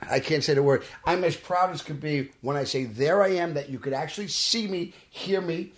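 A man's voice: on the high side, moderate pace. A man with a Brooklyn accent, an actor telling stories in a casual podcast interview and acting out the dialogue. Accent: Brooklyn New York. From Brooklyn, New York. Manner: animated, acts out quoted dialogue. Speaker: actor guest. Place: podcast studio. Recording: roomy studio echo.

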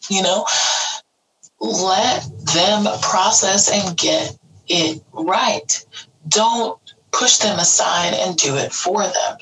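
A woman's voice: mid-range voice, very slow, fairly bright tone, recorded from a distance, a little hiss or hum, low-quality recording. A woman talking earnestly and with feeling about parenting teenagers, acting out little quoted voices as she goes. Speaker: parent sharing advice. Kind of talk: casual heartfelt talk.

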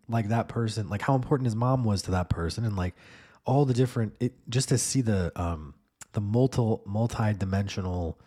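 Deep-voiced man rambling on a podcast. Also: mellow, breathy edge. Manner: rambling, lots of fillers and swearing. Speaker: podcast host. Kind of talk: casual monologue.

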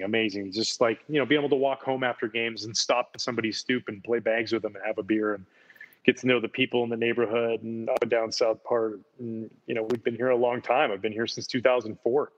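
A former ballplayer chats in an easygoing, enthusiastic way, doubling up words as he tells his stories. His voice sits at a middling pitch for a man. The recording is a bit dull and lo-fi. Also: fairly even intonation, a little fast. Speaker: former baseball player, guest. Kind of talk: casual chat, storytelling.

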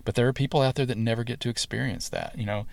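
A man's voice: mid-range voice, fairly even intonation, fast, creaky, dry recording. A man hosting a spiritual podcast, talking casually with many fillers and restarts. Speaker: podcast host.

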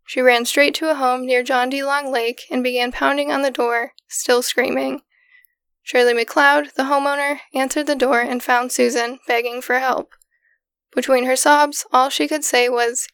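High, even-toned woman telling a story. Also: creaky, clear, resonant tone, no echo, clean studio sound. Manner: steady, matter-of-fact recounting. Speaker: podcast co-host. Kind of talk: casual true-crime storytelling.

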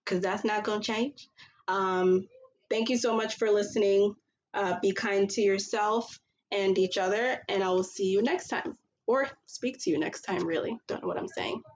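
A woman's voice: mid-range voice, darkish tone, slight background noise. Earnest woman podcast host, muffled audio. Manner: earnest, rambling with many fillers. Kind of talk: casual podcast chat.

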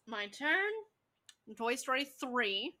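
High, bright-voiced woman in her thirties. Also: animated, slow pace. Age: 30s. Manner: giggly and self-mocking. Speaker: co-host. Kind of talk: casual chat playing a game.

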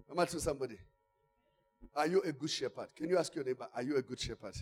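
A man preaching a sermon, swinging from quiet asides to shouted exhortation. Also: fairly high pitch, lively intonation, quick pace, husky. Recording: long church-hall reverb.

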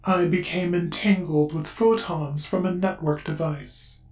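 A woman voicing a polite, formal dragon that is really a quantum computer, speaking in a resonant, calming voice. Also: on the low side, unhurried, pitched below the performer's own voice. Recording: roomy echo, distant mic, faint music.

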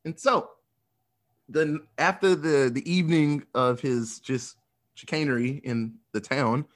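A man's voice: medium pitch, fairly even intonation, a little slow. A man hosting a podcast who casually recaps a film as a rambling storyteller. He swears often and laughs as he talks. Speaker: podcast host.

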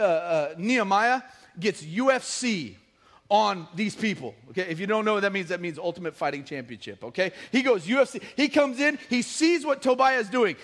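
Middle-aged male pastor, high voice, casual jokey sermon delivery with acted-out quotes. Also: fairly bright tone. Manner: casual and joking, acts out quotes.

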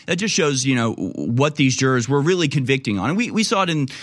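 A man's voice: mid-range voice, lively intonation, fast. A man hosting a political talk radio show, quoting articles and rebutting them with indignant emphasis. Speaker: radio host.

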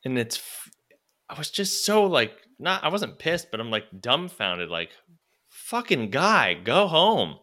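A man co-hosting a casual chat, telling a profane anecdote with animated delivery and acted-out quotes. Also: medium pitch, normal speed. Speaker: podcast co-host.

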